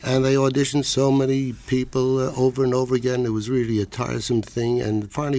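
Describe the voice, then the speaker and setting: Older gravelly guy, guest telling rambly old radio stories, normal pitch. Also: level tone, fairly quick, warm tone. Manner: rambling storyteller, acts out voices in quotes. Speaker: guest, former radio actor. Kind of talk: casual anecdotal chat.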